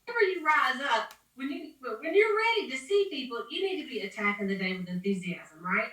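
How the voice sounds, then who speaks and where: Bright, upbeat woman, echoey and distant. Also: high-pitched, lively intonation, a little fast. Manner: upbeat, preachy, rambling. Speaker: sales team leader. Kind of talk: motivational training call. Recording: echoey room, distant from the mic.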